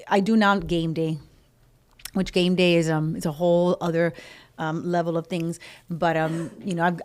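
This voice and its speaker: A woman with a low, flat voice co-hosts a casual podcast. She talks about her dance team in a steady, even way and adds supportive comments. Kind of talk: casual chat.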